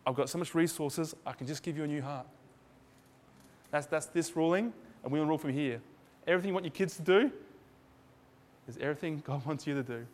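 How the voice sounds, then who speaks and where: Man, sermon, conversational, acts out dialogue, slightly high voice, long hall reverb. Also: a little fast. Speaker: preacher.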